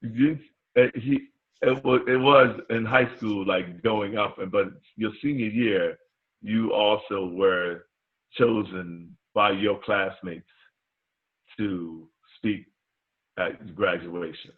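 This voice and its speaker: Very deep-voiced man on a tinny line. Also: steady tone, slow. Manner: loose and conversational, many fillers and restarts. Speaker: podcast co-host. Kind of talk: casual interview chat.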